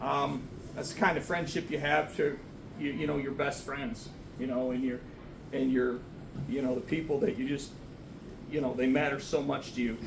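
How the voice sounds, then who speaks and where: A man's voice: medium pitch, fairly even intonation, moderate pace, gravelly, reverberant, recorded from a distance, background noise. Man giving a rambling eulogy. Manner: rambling, self-deprecating, with laughs. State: getting emotional. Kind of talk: memorial speech. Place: church sanctuary.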